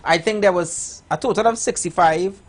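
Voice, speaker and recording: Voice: medium pitch, moderate pace. Rambling Trinidadian radio host. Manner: rambling, playful, many fillers and restarts. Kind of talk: live radio banter.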